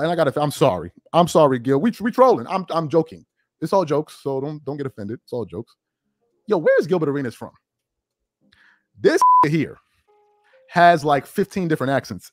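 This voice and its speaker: A man talks in a mid-pitched, animated voice, blunt and mocking as he lays out his opinions. The sound is dry and close, with no room around it. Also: no room sound. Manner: mocking, blunt, joking insults. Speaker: online commentator. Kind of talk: opinion commentary video.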